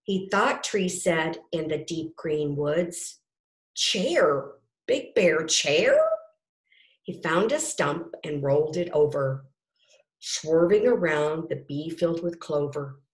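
Lady reading a kids' picture book, slow and lowish, roomy echo. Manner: gentle, rhyming read-aloud with asides to children. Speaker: storybook reader.

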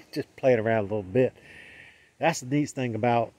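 With slight background noise behind him, a man with a Southern US accent and a medium-pitched, darkish voice talks at a moderate pace. As a spiritual vlogger, he rambles casually, restarting and correcting himself, chuckling lightly from time to time.

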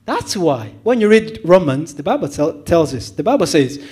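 A man's voice: a little high, very animated, normal speed, a little mellow, slightly rough. A male evangelist preaching a sermon to a church, asking the congregation questions and repeating words as he thinks.

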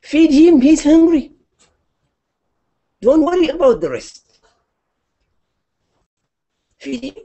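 A man's voice: extremely high pitch, very animated, slow pace, pauses often, mellow, dull audio, voice pushed up, heavily acted. A male preacher voicing God speaking to a prophet, firm and commanding. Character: commanding divine voice, patient but firm.

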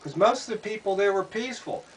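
High-voiced man ranting from a distance. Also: animated, fast. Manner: rhetorical, asks pointed questions, repeats himself. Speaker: commentator. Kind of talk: opinion monologue. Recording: distant mic, faint background noise.

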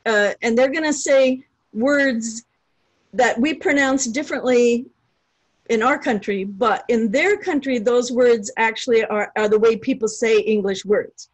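A woman taking part in an online webinar, putting a question in a thoughtful, halting way. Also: fairly high pitch, no room sound, low-quality recording. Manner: thoughtful, halting, repeats words as she thinks. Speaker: webinar participant asking a question.

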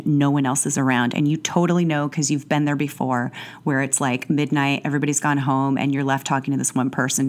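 Woman, low pitch, podcast host, chatty, gushing, casual monologue. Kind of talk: casual solo intro monologue.

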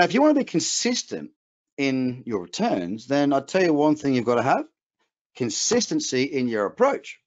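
Brief: middle-aged Australian man with a slight English lilt, punchy coach delivery, mid-range voice, dull lo-fi sound. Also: mid-range voice. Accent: Australian with a trace of English. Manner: emphatic, motivational, chatty with asides. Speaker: trading coach. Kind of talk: webinar presentation. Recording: muffled lo-fi webinar audio.

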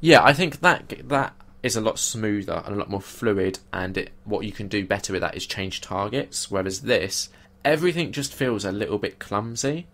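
Animated young man, complaining casually. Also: fairly low pitch, moderate pace, few pauses. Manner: animated, swears and complains freely. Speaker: podcast co-host. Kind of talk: casual chat.

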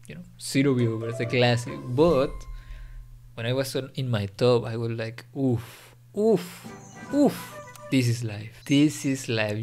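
A man's voice: medium pitch, a little mellow. Rambling young man, non-native English. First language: Spanish. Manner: rambling, repeats fillers like "you know" and "don't worry". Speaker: YouTuber. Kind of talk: casual monologue.

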